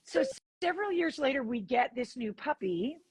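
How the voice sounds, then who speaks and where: Breathy raspy woman guest, kinda high voice, animated storytelling, acts out the dialogue. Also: moderate pace, dry recording. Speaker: podcast guest. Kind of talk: storytelling in an interview.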